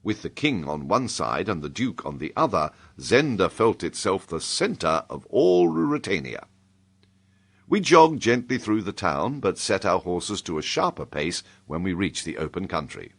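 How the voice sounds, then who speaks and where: A British man narrating an audiobook in the first person. His low voice moves lively across its range, shaping each sentence with expressive storytelling. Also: measured pace, vocal fry. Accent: British English.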